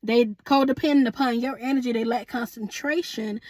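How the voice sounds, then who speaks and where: Sassy high-voiced woman tarot reader. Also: steady tone, normal speed, darkish tone, no room sound. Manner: sassy, chatty, calls viewers honey and boo; laughs often, asks spirit aloud. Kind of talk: casual tarot reading to viewers.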